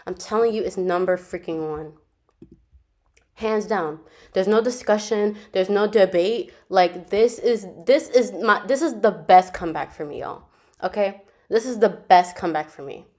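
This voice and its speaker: A woman's voice: medium pitch, moderate pace, darkish tone. A woman hosting a reaction video, talking casually and emphatically to her viewers, repeating her points. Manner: emphatic, repeats herself, talks to viewers as y'all.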